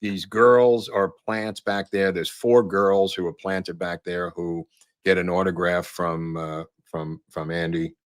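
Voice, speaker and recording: Low-voiced and flat, a male podcast host talks slowly and casually over photos and clips. His rambling is full of fillers and restarts, and the recording is dry.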